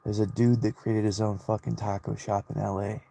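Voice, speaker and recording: Low gravelly man rambling through a story. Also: level tone, normal speed, mellow. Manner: heavy swearing, loose storytelling with restarts. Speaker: solo vlogger. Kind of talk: rambling personal monologue.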